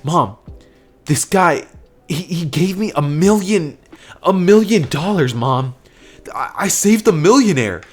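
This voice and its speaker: A man's voice: medium pitch, lively intonation, fairly quick, faint music behind, lightly acted. A man voicing an earnest teenage boy who stammers and is devoted to his mother. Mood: excited.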